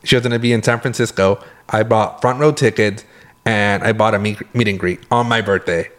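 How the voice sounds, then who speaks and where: A man's voice: on the low side, brisk. A young man from California co-hosting a podcast, telling stories in a casual chat, acting out his reactions and cursing freely. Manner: animated storytelling, swears freely, acts out his own reactions. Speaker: podcast co-host.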